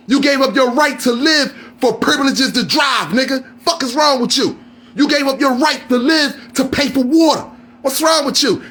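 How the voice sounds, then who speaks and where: On a live stream, a man with a very high-pitched voice goes on a heated, profane rant, often shouting and repeatedly firing questions at his listeners.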